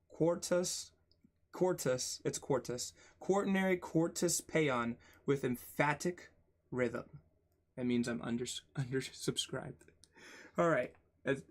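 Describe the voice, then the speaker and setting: A man hosting his channel, reading a textbook aloud in a casual way, spelling out words, tripping over terms and dropping sarcastic, swearing asides. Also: medium pitch.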